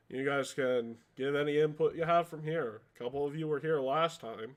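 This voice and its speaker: A man's voice: a little high, moderate pace, hardly any pauses. A man narrating as game master of a tabletop game, casual and often restarting his sentences.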